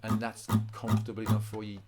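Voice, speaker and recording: A man's voice: fairly low pitch, completely flat delivery, quick pace. A man teaching a guitar rhythm lesson in an informal way, often restarting his sentences and counting beats aloud.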